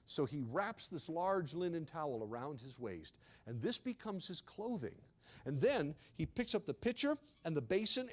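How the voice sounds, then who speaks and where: A male pastor preaching a sermon as dramatic storytelling, with asides to the congregation. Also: high voice.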